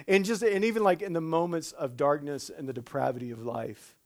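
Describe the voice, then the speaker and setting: Animated male preacher, frequent restarts. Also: a little high. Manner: drops to a slow, quiet, earnest tone on solemn points. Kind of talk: sermon.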